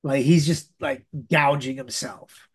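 Speaking slowly in a husky, mid-range voice with fairly even intonation, a man recaps a comic book story on his podcast. He's casual and rambling, often using fillers and starting over.

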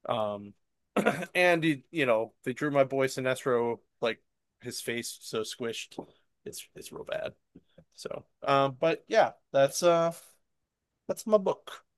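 A man's voice: mid-range voice, expressive, slow pace, pauses often, dry recording, studio quality. A man casually recapping and reviewing a comic book on a podcast, rambling with fillers and laughing often.

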